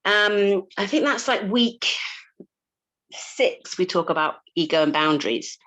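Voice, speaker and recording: A woman's voice: medium pitch, expressive, unhurried, fairly bright tone, low-quality recording. A woman coach talking casually to a group, chatty, with frequent laughs and fillers and casual swearing. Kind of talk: casual talk to a live group.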